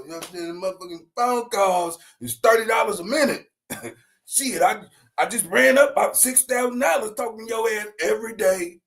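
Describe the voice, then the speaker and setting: A man giving casual, slangy reaction commentary, laughing often and breaking into loud bursts. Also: sits high, fairly quick.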